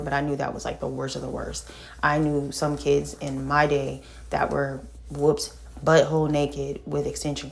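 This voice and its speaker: A middle-aged woman telling a painful personal story in casual talk, halting and full of fillers and restarts, sighing and shaken. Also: deep voice, gravelly, a little hiss or hum. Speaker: vlogger telling her own story.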